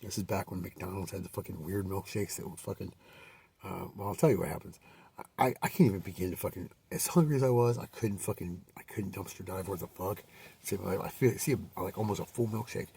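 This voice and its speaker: A man with a husky, gravelly, somewhat low voice tells a rambling personal story, cursing constantly and restarting his sentences. He sits a little back from the microphone. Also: brisk, warm tone, dry recording, far from the mic. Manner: rambling, profane, many fillers and restarts.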